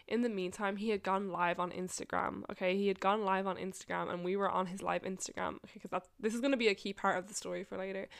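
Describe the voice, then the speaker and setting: A woman's voice: medium pitch, fairly bright tone, smooth. A young woman vlogger casually telling a long story, rambling, swearing and laughing often.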